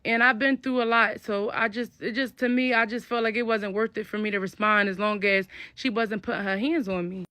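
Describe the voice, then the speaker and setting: A woman's voice: medium pitch, fairly even intonation, a little fast, few pauses, sharp tone, no room sound. A young woman telling a personal story in a casual, blunt and slangy way. She spells out curse words. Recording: dull, lo-fi, dry sound.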